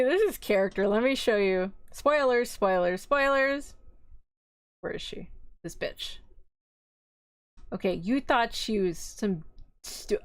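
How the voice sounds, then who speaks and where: A young woman chatting on a stream, rambling and animated as she retells what she watched. She acts out bits of dialogue along the way. Her voice sits at an ordinary pitch, recorded dry and close with no room sound. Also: dry recording. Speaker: vtuber streamer. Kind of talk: casual stream chat about anime.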